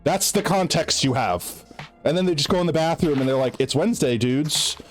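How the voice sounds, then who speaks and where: A man's voice: on the high side, a little fast, soft background music. A male streamer chatting casually with his viewers while gaming, rambling, restarting his sentences and breaking into giggles. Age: adult.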